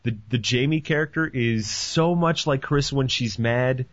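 A man hosting a podcast in casual chat, animated and profane, joking as he talks. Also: medium pitch, moderate pace, no room sound. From Canada. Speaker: podcast host. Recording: dull lo-fi dry sound.

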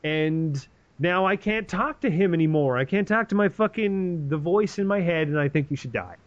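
A crude, exasperated old king who is furious and paranoid, as a man puts him on. He swears freely, and the voice sits a little higher than normal. The sound is somewhat dull and lo-fi. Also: expressive, moderate pace, close to an everyday voice. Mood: indignant.

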